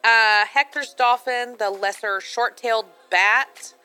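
A woman co-hosting a casual chat, sharing facts in a relaxed, informative way. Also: on the high side, takes it slowly, background noise. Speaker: co-host.

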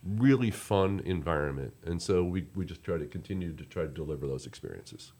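A man's voice: sits low, lively intonation, fairly quick, dark tone. A man, a resort representative chatting casually in an interview, rambling with many restarts.

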